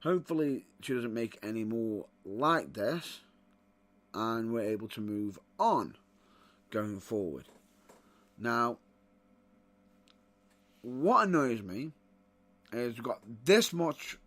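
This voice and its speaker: Exasperated man ranting, bright-toned. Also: medium pitch, lively intonation, takes it slowly, pauses often. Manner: exasperated ranting, rising to outbursts. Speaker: wrestling podcast host. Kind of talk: opinionated commentary.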